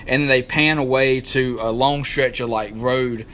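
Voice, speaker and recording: Excited man recapping wrestling. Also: mid-range voice, normal speed. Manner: animated, rambling, searches for names. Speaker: wrestling talk show co-host.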